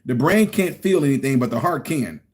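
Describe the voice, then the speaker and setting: A man's voice: medium pitch, expressive, brisk. A middle-aged man giving a casual commentary rant, emphatic and preachy, repeating his points. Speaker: political commentary vlogger.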